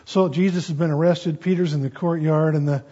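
Brief: male pastor, earnest sermon storyteller, husky tone, dull recording. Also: a little high, steady tone, dark tone. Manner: earnest, storytelling, slows for emphasis.

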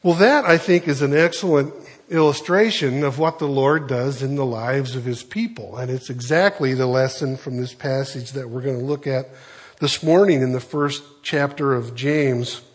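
Husky-voiced pastor telling a story. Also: male voice, medium pitch, moderate pace. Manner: animated storytelling, acts out characters. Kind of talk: sermon storytelling.

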